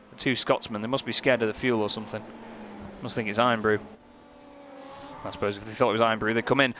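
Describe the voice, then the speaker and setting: Over the roar of race cars, this medium-pitched male commentator keeps the sim racing call lively. He cracks jokes throughout and gets worked up whenever things come down to the wire.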